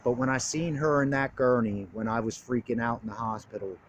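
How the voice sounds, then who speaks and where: An earnest young man in recovery speaks his heart in a blunt, casual, street-flavored monologue, swearing freely. His voice sits at an ordinary middle pitch, with a faint hiss of noise under it. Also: steady tone, a little fast, highs cut off. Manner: plain-spoken, open about his feelings.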